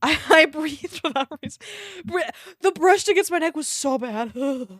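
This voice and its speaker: A woman's voice: sits high, animated, moderate pace, a bit bright, no echo. A woman streamer reading fan fiction aloud on a live stream, often breaking off to laugh and react to her chat, with a desk microphone.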